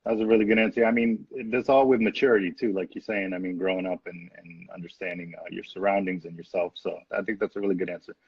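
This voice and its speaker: A man hosts a casual interview and reads viewer questions in an easygoing way. His voice is low and a bit husky. It comes through a dull, dry lo-fi recording. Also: fairly even intonation, quick pace, few pauses, no room sound. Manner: laid-back, reading out viewer questions. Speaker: interview host.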